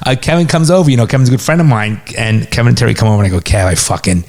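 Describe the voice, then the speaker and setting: A middle-aged man co-hosting a podcast in casual, relaxed chat, swearing freely. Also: medium pitch, very fast, gravelly. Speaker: podcast co-host, father.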